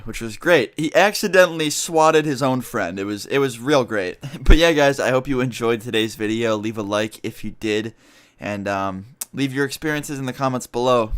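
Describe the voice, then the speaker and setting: A man's voice: medium pitch, fairly bright tone. A teenage guy telling a story in a casual vlog, rambling and swearing as he acts out what people said. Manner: profane, rambling, recounts with quoted dialogue. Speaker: vlogger.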